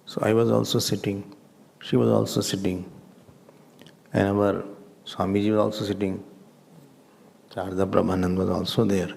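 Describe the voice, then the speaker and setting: A man, a swami giving a spiritual discourse as an animated storyteller who acts out other people. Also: lowish voice, moderate pace, vocal fry, long pauses. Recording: long reverb in a hall.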